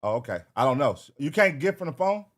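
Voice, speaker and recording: A man hosting a casual livestream, talking loose and slangy and half-singing shout-outs to viewers. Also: mid-range voice, big pitch swings, fast. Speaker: livestream reaction host. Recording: hip hop music playing behind.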